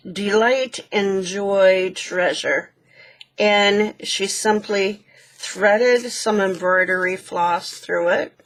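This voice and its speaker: A woman hosting a craft channel, gently walking through a handmade book page by page and pointing out details. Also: mid-range voice. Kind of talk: casual show-and-tell walkthrough.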